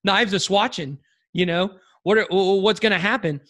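A man's voice: high voice, normal speed, a bit bright. A man co-hosting a podcast in casual chat, rambling and joking with lots of restarts and fillers. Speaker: podcast co-host.

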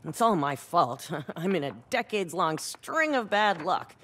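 A woman's voice: fairly low pitch, measured pace, a little hiss or hum. A fretful, unlucky townswoman. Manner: self-deprecating, lively storytelling. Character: unlucky, fretful female townsfolk quest-giver. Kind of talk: video game character dialogue.

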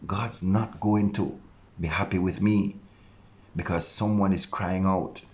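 In a dull, lo-fi recording, a man preaches a heartfelt devotional message in a deep, very low register. He speaks with conviction, sometimes voicing objections his audience might have before responding. His tone stays steady, his pace a little slow, his sound slightly mellow.

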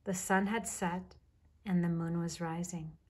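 A woman narrating a children's storybook in a soft, measured way with a breathy voice. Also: lowish voice, steady tone.

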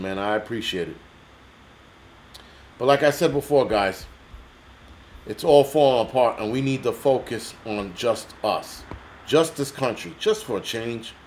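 A man's voice: medium pitch, darkish tone, slight background noise. An American man hosting a livestream, ranting angrily in a blunt, profane, heated way. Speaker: livestream host.

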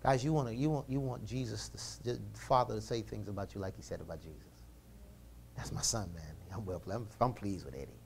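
This man preaches a little fast, his voice creaky, over a faint hiss or hum. He calls out to his congregation for replies, ranging from fervent shouting to hushed, intimate words.

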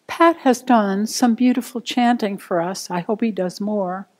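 A woman meditation teacher, giving a gentle, unhurried dharma talk to a group. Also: medium pitch.

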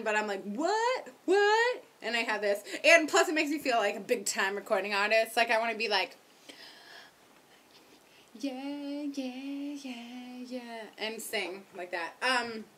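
A young woman chatting casually to her camera at home, rambling and self-mocking, talking loudly with headphones on. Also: a little high, moderate pace, a little hiss or hum. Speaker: vlogger. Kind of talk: casual chat. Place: home, indoors.

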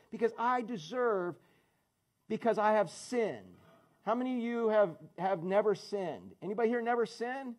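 A man's voice: high-pitched, animated, moderate pace, a little mellow. A man preaching a sermon as pastor, conversational and joking, calling on people in the congregation by name. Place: church in front of a congregation.

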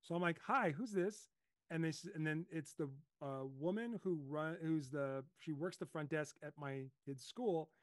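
A middle-aged man hosting a casual coaching talk, telling lively stories and acting out his own panicked voice. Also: on the high side, normal speed, hardly any pauses, dry recording. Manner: animated storyteller, acts out his own panicked voice. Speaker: host.

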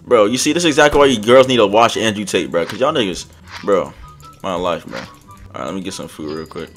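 A young man streaming a game, chatting loudly with friends and yelling out excited exclamations. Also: lowish voice, quick pace, soft background music. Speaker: gaming streamer.

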